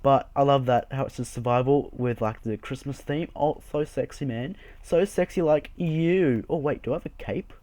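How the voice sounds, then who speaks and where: A man's voice: mid-range voice, steady tone, brisk, few pauses, darkish tone, no room sound. A young man hosting a casual game video, chatty, rambling and jokey as he walks through his build. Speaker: Minecraft server video host. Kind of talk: casual gameplay commentary.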